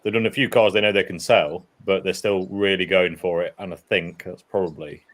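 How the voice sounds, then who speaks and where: A man's voice: low-pitched, fairly even intonation, brisk, fairly bright tone. A man co-hosting a casual late-night live stream chat, with dry, wry understatement.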